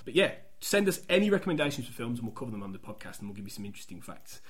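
Chatty man, lively voice. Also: mid-range voice, racing. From English Midlands. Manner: chatty, laughing, teasing. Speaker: podcast host. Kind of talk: casual podcast chat.

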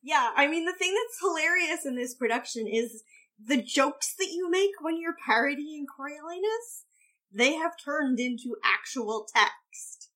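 A woman co-hosting a podcast, chatting in a lively way about a theatre production. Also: high voice. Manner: lively, chatty, quick to act out quotes. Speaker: podcast co-host. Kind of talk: casual theatre discussion.

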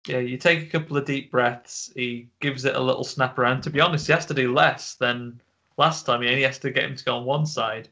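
A man's voice: mid-range voice, fairly even intonation, gravelly, bright, forceful tone. A man co-hosting a casual film discussion over a remote call, retelling scenes and now and then mimicking the characters. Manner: recounts scenes with quick bits of voice mimicry and laughs. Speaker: podcast co-host.

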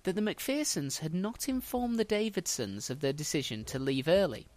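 A man's voice: fairly high pitch, expressive, normal speed, a little mellow, no echo. Wry man telling history, dry sound. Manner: dry, wry humour while recounting history. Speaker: history podcast host. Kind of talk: casual storytelling chat.

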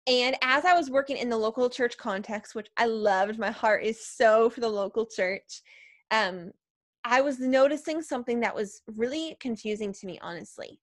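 A woman guest on a faith podcast, telling her story in a lively way, acting out her past thoughts and often asking 'right?'. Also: on the high side, normal speed, no echo, clean studio sound. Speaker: podcast guest, preacher and speaker.

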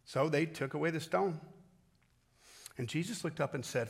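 A middle-aged man preaching a sermon as pastor, talking conversationally, shifting from loud calls to hushed reflection. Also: a little high, moderate pace, gravelly, long pauses, breathy edge.

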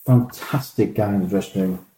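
A man, a former football manager, telling lively anecdotes in an interview and acting out the lines of people in his stories. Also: fairly low pitch, normal speed. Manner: animated storyteller, acts out quoted dialogue, laughs often. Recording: roomy echo.

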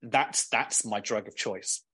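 A man's voice: lowish voice, slow, bright, forceful tone, husky. Blunt, ranting man. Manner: blunt, swears freely, ranting. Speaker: guest, clothing brand owner. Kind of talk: casual podcast chat.

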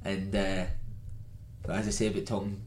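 A man's voice: sits low, level tone, a little mellow, slight background noise. A Scottish man, a former footballer, co-hosting a podcast, talking casually and telling anecdotes with lots of "mate". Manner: fast, storytelling, slangy with "mate".

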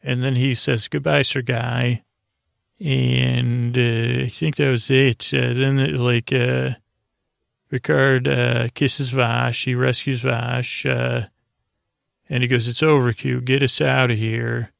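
A man hosting a bedtime podcast, recapping a TV episode in a drowsy, meandering way with many fillers, and reading quoted lines flatly in his own voice. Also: mid-range voice, slow, vocal fry, dry recording. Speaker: podcast host.

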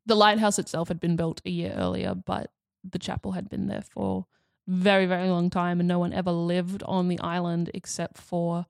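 A woman's voice: on the low side, normal speed, vocal fry, darkish tone, smooth, dry recording, clean studio sound. Woman telling a story with many ums. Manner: hesitant, many ums and likes. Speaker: podcast co-host. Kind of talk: casual storytelling chat.

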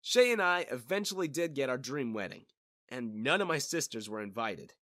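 Bright, lively male storyteller. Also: mid-range voice, moderate pace, no echo, studio quality. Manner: casual first-person storytelling. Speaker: narrator. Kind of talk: scripted narration.

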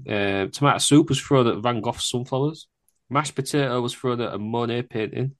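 A man's voice: mid-range voice, normal speed, a bit bright. A man hosting a casual quiz among friends, joking and laughing as he reads out the questions. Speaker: quiz host. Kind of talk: casual podcast quiz chat.

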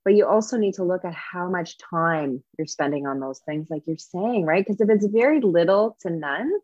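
A woman author explaining an idea in a steady, clear way during a conversation. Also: fairly low pitch, normal speed, no room sound, dull audio. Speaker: author guest.

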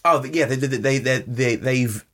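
A man's voice: mid-range voice, unhurried, a bit bright. A man co-hosting a podcast in casual chat. He has a dry, wry manner and often corrects himself mid-sentence. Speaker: podcast co-host.

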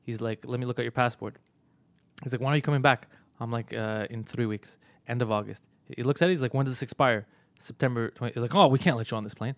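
A Canadian man on a podcast telling a story in casual chat, acting out both sides with lively energy. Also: medium pitch, fast, dry recording. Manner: animated, acts out both sides of his story. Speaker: podcast host.

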